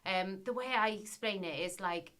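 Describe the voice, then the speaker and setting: A woman in a casual interview, telling her stories with animated delivery and acting out what people said. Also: medium pitch, normal speed. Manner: animated storyteller, acts out quotes. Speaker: guest, former reality TV business contestant.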